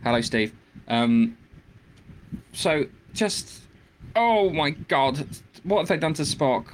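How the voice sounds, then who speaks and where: A man's voice: fairly high pitch, lively intonation, takes it slowly. A man co-hosting a podcast, ranting in casual chat with stammered restarts. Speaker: podcast co-host. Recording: faint background noise.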